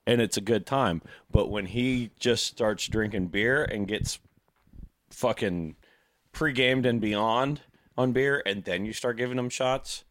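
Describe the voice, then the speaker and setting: Low-voiced young man, dry close sound. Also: no room sound. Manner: relaxed, drawn-out storytelling with lots of fillers. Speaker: podcast co-host. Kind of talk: casual chat while tasting beer.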